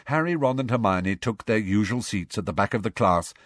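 A man reading a novel aloud in steady, measured narration. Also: lowish voice, no echo, clean studio sound. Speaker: audiobook reader. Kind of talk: scripted narration.

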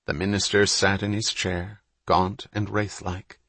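A man reading an audiobook in a measured, unhurried storytelling manner. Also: low voice, little pitch movement, fairly bright tone, no echo. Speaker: audiobook narrator. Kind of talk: scripted narration.

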